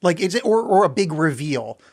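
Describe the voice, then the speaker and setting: A man with a slightly higher voice co-hosts a casual podcast. He talks about a film in a sardonic, offhand way. His sentences often break off and start again. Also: very animated, vocal fry. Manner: halting, many restarts, sardonic. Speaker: podcast co-host. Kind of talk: casual film review chat.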